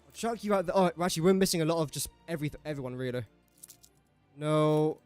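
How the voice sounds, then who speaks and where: A man's voice: a little high, animated, racing, a little mellow, soft background music. A young English man streaming a game, chatting and joking to himself and to the characters on screen. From England. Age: young adult. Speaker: gaming streamer. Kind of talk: casual gameplay commentary.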